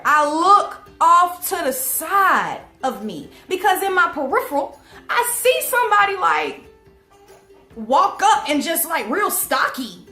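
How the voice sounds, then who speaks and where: A young woman telling a storytime vlog in an animated, slangy and profane way. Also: high voice, unhurried, soft background music. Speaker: vlogger. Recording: echoey room.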